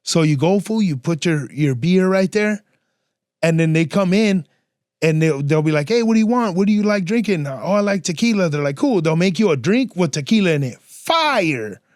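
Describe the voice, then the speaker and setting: A man's voice: high-pitched, lively intonation, normal speed, a little mellow, no echo, studio quality. A young man hosting a podcast alone, telling stories in a casual, slang-heavy and profane way and acting out what other people said. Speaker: podcast host. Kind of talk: casual solo storytelling.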